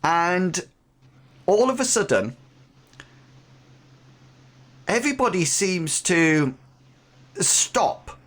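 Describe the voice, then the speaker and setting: A man running an online tabletop game as game master, narrating in a halting way with many pauses. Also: high voice, big pitch swings, a bit bright. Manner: halting, with frequent pauses and fillers.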